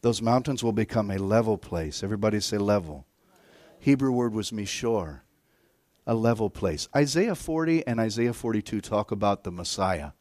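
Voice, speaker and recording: A middle-aged man preaching a sermon as a guest preacher, telling stories and swinging between hushed and loud, excited delivery. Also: lowish voice, normal speed, no room sound.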